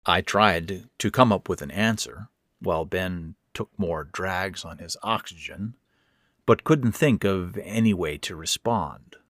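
A man reads a first-person story in a wry, measured manner. His voice sits low and the delivery is slow. The recording is dry and close. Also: a bit bright, no room sound. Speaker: narrator.

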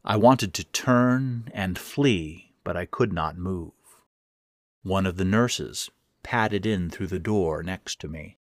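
Deep-voiced man narrating a horror story. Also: no echo, studio quality. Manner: measured, deliberate storytelling.

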